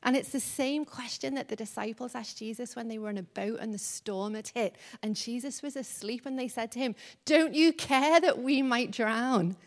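A woman delivers a sermon in a relaxed, conversational way and laughs easily along the way. Her voice sits a little higher than usual, and she often slips into acting out the people she quotes. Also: fairly quick, hardly any pauses. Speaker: preacher.

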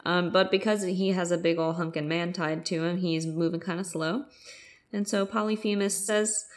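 A woman co-hosting a casual book discussion. She retells the story in a chatty, playful way with casual fillers. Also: fairly low pitch.

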